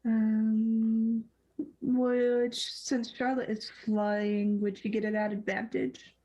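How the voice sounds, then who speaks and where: Woman player, a bit high, slow, hesitant. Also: flat delivery, warm tone, muffled recording. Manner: hesitant, calling out dice rolls. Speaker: tabletop game player.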